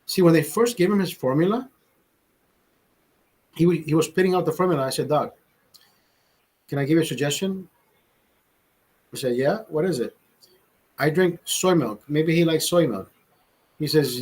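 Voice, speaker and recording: A man's voice: on the high side, moderate pace, long pauses, low-quality recording. A young man telling a rambling, profane story in casual chat, with many restarts. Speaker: vlogger host.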